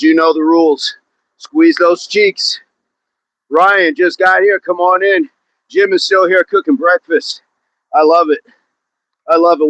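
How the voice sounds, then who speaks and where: A man's voice: on the high side, fairly bright tone, lo-fi sound. A man hosting a live outdoor workout on a hill, exercising as he talks, counting down reps and greeting chat viewers by name. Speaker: fitness livestream host.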